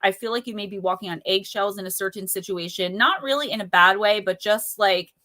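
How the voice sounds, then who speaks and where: A woman's voice: mid-range voice, fairly quick, sharp tone. A woman doing casual oracle card readings on a live stream, chatty and playful, greeting viewers by name. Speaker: livestream oracle card reader.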